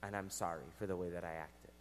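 A man voicing a cranky male neighbor who rants in a high, shrill voice during a sermon story. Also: lively intonation, moderate pace, a little hiss or hum, close to an everyday voice. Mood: apologetic. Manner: ranting, shrill complaint. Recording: echoey church hall.

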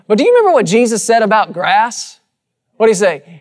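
Guy preaching to his church, kinda high voice, repeats lines for rhythm, asks the crowd stuff. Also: big pitch swings, normal speed. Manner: rhythmic repetition, calls out to the congregation. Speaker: pastor. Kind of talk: sermon. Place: church sanctuary with congregation.

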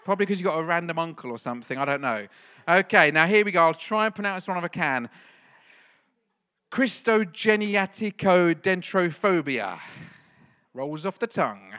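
Male pastor, middle-aged, playful teasing delivery, tense bright tone. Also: high voice, expressive, normal speed, smooth. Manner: playful, jokey, quizzes the congregation. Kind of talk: lively church talk with a quiz.

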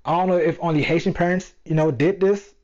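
A man's voice: on the high side, quick pace. Slangy young man with a dull lo-fi sound. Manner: animated, slangy, addresses listeners directly. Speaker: vlogger. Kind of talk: casual storytelling monologue.

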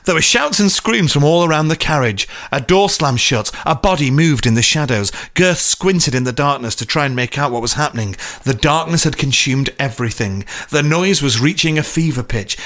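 A man's voice: a little high, fairly bright tone. A man hosting and reading an interactive story aloud, playful and often laughing. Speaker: storyteller and game host.

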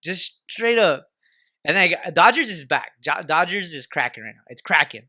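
Rowdy, slangy bright-voiced guy. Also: a little high, sing-song, moderate pace, dry recording, studio quality. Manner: rowdy, profane, storytelling with lots of slang. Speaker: podcast co-host. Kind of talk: casual chat. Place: podcast studio.

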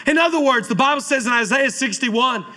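A man's voice: extremely high pitch, lively intonation, a little fast, pushed and bright. A man in his thirties preaching a sermon as pastor, fervent and rousing, calling out to the congregation for responses.

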